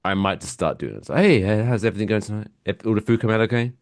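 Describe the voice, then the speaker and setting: A man's voice: lowish voice, racing, no echo, studio quality. A young man from England with an English accent, chatting casually as a podcast co-host and acting out customers with lots of swearing. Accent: English, from east of London. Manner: swearing, acts out customers in bursts. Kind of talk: casual chat.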